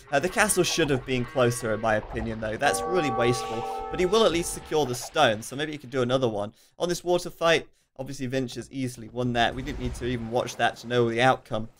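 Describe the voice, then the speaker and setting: A man giving live commentary on a strategy game match in a casual, chatty way, reading out viewer questions and dropping in quick asides with frequent fillers. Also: mid-range voice, fairly bright tone. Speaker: esports commentator.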